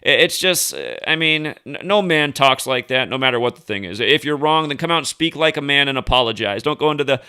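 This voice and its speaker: A man's voice: mid-range voice, lively intonation, brisk, few pauses, bright, forceful tone, clean tone. A man hosting a commentary monologue, talking heatedly with profanity and frequent restarts. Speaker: host.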